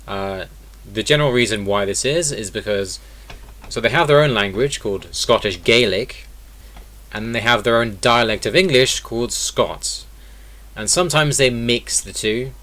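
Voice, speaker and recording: A man's voice: medium pitch, normal speed, a bit bright. A man teaching an online lesson in a casual way, explaining step by step and repeating example words. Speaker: accent teacher.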